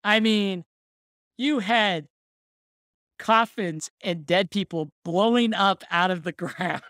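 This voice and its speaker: A podcast host recounting a story in relaxed, easy chat and laughing along the way. The voice sits at a middling pitch and is recorded close and dry, with no room sound. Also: slow, no echo. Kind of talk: casual chat.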